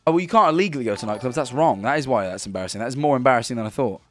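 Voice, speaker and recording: A man's voice: medium pitch, animated, very fast, soft background music. A man in his twenties streaming from home, casually chatting and reading viewer messages in a rambling, stumbling way.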